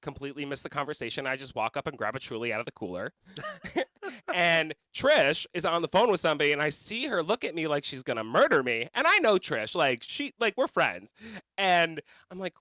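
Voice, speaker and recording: A man's voice: on the high side, big pitch swings, brisk, bright, forceful tone, no room sound. A man co-hosting a podcast, telling a funny story animatedly, laughing and swearing as he goes. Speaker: podcast co-host. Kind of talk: casual storytelling.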